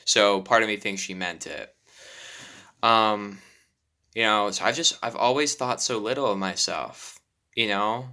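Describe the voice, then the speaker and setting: A man's voice: fairly low pitch, unhurried, long pauses, sharp tone. A young man talking nervously about himself in a confessional vlog, with frequent sighs, apologies and restarts. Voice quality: self-deprecating, apologetic. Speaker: YouTuber.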